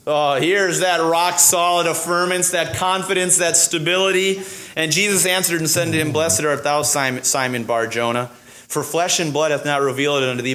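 A man's voice: fairly high pitch, bright, forceful tone. A man preaching a sermon, reading scripture and acting out the dialogue with many fillers and restarts.

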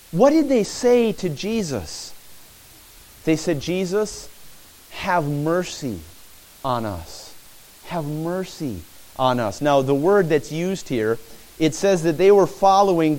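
High-pitched man preaching a sermon. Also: poor audio. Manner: animated preaching, acting out pleading cries. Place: church.

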